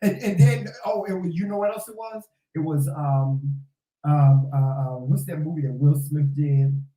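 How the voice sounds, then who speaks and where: A co-host in a casual chat, talking loudly and emphatically and swearing freely. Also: medium pitch, moderate pace. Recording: echoey room.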